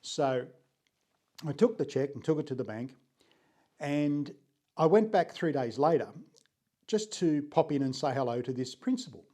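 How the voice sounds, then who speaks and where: Older aussie guy telling his story, warm mellow voice, earnest and unhurried, clears his throat a lot. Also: on the high side, expressive. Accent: Australian. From Sydney, Australia. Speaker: photographer. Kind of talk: reflective storytelling vlog.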